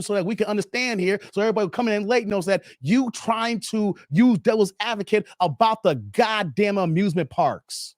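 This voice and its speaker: A man's voice: no room sound, clean studio sound. Blunt, profane man ranting to a live chat. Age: 30s. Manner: blunt, profane, emphatic, repeats himself; swings between loud high bursts and low mutters. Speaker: live stream host.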